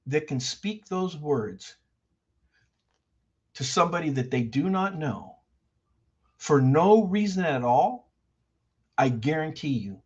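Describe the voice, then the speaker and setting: An older man hosting a livestream, ranting heatedly and repeating himself for emphasis. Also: high voice. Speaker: livestream host. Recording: dull lo-fi stream audio.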